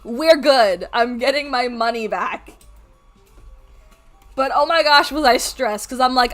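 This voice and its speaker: A woman streamer telling a story to her chat at home, animated, swearing freely and laughing as she goes. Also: fairly high pitch, a little slow, pauses often, soft background music. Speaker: art streamer.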